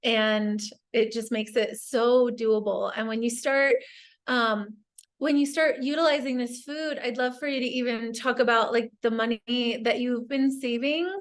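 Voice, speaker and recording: Brief: woman host, higher voice, casual video-call talk. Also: fairly even intonation, unhurried.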